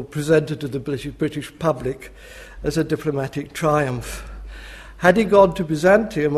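An older man, a history professor, giving a public lecture in a dry, measured, ironic manner. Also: on the high side, darkish tone.

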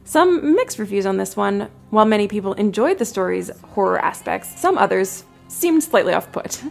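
A woman's voice: mid-range voice, sing-song, normal speed, gravelly, faint music behind. A woman, the show's co-editor, reading out listener feedback in a friendly, matter-of-fact way.

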